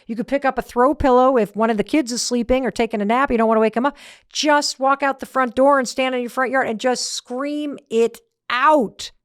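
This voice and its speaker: A woman's voice: high-pitched, steady tone, a little fast, smooth, dry recording. Emphatic woman podcast host, dry sound. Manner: emphatic, storytelling with punchy repetition. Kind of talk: motivational podcast talk.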